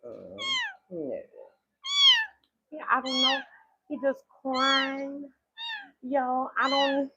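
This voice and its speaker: A woman's voice: high voice, huge pitch swings, very slow, pauses often, heavy background noise. A woman hosting a casual livestream, chatting in a laid-back way with lots of fillers and a drawl. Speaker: livestream host. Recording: dull lo-fi stream audio.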